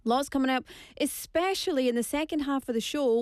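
A woman's voice: sits high, a little fast, a little mellow, no echo, studio quality. A middle-aged woman hosting a casual radio show in a playful, chatty way, mixing in Korean words. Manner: chatty, playful, switches between English and Korean. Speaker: radio host. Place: radio studio. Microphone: studio microphone.

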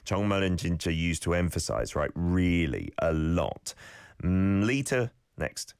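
A man hosting a radio show, playfully correcting listeners' pronunciation and repeating phrases slowly. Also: sits low, animated, no echo, clean studio sound. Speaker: radio host teaching Korean phrases. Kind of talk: casual radio lesson.

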